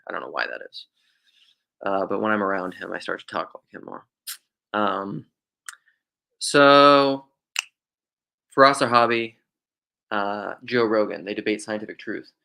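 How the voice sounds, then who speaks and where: With a low, creaky voice and a sharp edge, this young man from Western South Dakota hosts a podcast. He wanders through theological thoughts in an easygoing monologue, a faint drawl in his speech, often beginning sentences again.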